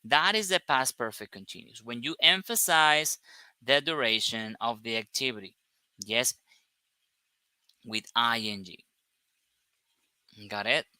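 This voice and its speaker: A man giving an English grammar lesson at a slow, careful pace, leaning on single words for emphasis. His voice is very bright and forward. He keeps checking in with short questions. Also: medium pitch, clean tone, no echo. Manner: explains step by step, stresses words one at a time. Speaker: English teacher.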